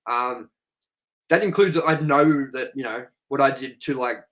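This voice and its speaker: A man's voice: mid-range voice, a little slow, poor audio. A man hosting a casual podcast, telling stories frankly, swearing freely and acting out what people said. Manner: candid, profane storytelling; animated, acts out quoted voices. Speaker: podcast host.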